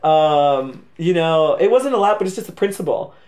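A man with a fairly high voice chats as a guest, spinning a travel story with lively energy. He acts out little bits of dialogue and laughs easily between lines. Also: normal speed. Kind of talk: casual podcast chat.

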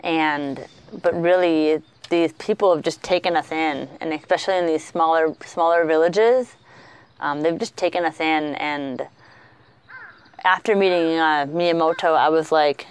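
A woman co-hosting a podcast, telling travel stories in a chatty, animated way with lots of fillers. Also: deep voice, measured pace, smooth, no room sound. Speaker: podcast co-host. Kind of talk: casual travel storytelling.

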